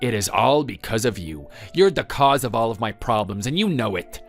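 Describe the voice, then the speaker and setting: A man's voice: mid-range voice, sing-song, moderate pace, faint music behind. A man voicing a bitter, blaming drunk son. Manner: accusing, self-pitying. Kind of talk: dramatized family story reading.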